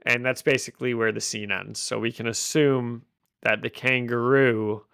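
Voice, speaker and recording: A man's voice: medium pitch, fairly even intonation, moderate pace, vocal fry, a bit bright, clean tone, no echo, studio quality. A man hosting a podcast, casually recapping a comic with jokes and frequent laughs. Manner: jokey, laughs often while recapping. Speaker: podcast host. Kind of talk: casual chat.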